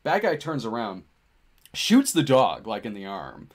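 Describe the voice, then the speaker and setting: A man's voice: mid-range voice, sing-song, measured pace. Rambling man chatting on a livestream. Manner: rambling, filler-heavy, laughs often. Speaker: co-host reading viewer questions. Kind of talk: casual livestream chat.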